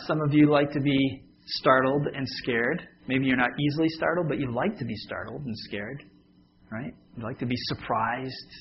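Male pastor, mid-pitch, chatty sermon delivery with asides to the room; dull lo-fi recording, faint noise. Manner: conversational, joking with the congregation.

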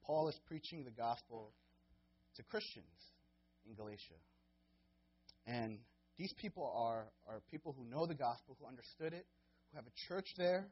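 Husky young preacher, casual and halting. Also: male voice, animated, muffled recording. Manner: casual, halting, many fillers and restarts; grows loud and high-pitched when acting out scenes. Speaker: guest preacher. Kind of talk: sermon.

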